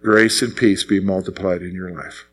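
A man's voice: low voice, steady tone, normal speed, slightly rough. A man preaching a sermon, earnest and repetitive, acting out sample prayers to his congregation. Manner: earnest, repeats phrases, acts out prayers. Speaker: pastor.

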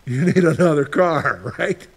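The pastor's voice is fairly high, creaky and husky, animated but measured in pace. He keeps the sermon conversational by asking the congregation questions, answering them, and voicing imagined replies.

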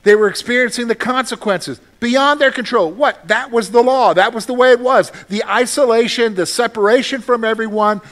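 High-voiced preaching man. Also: normal speed, few pauses. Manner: animated preaching, rhetorical questions to listeners. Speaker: pastor. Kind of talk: sermon.

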